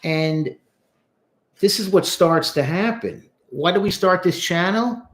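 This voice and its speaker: A man, a therapist, breaking down song lyrics in casual, animated commentary, talking straight to the viewer. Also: high voice, slow pace. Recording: echoey room.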